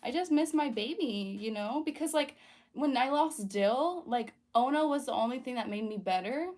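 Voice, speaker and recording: A young woman with a slightly high voice talks through a casual livestream. Her speech is chatty and earnest, full of fillers and restarts. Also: animated, moderate pace, a little mellow. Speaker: livestream host. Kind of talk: casual livestream chat while painting.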